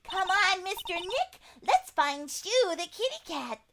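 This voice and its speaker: A woman's voice: extremely high pitch, sing-song, unhurried, heavy background noise, pitched above the performer's own voice, full character voice. A woman voicing an earnest, worried little girl in a game. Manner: earnest, pleading.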